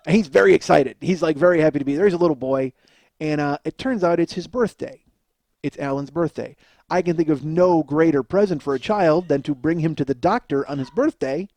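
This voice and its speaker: Guy on his podcast ranting and swearing thru a story, kinda high voice, super dry. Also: darkish tone, dry recording. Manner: profane, ranting, exasperated. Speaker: podcast host. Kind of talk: comedic storytelling monologue.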